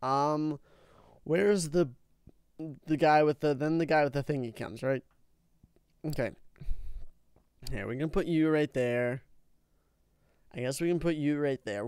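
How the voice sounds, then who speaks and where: A young man hosting a let's play video, talking through his game with excitable, melodramatic outbursts of frustration. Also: a little high, clean tone, dry recording. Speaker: gaming video host. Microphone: own microphone, said.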